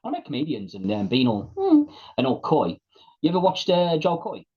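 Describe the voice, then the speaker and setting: A chatty man in casual podcast talk, with a husky voice that swings up and down a lot as he makes dry quips. The sound is dull and lo-fi. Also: a little high, huge pitch swings, moderate pace. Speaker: podcast co-host. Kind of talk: casual chat.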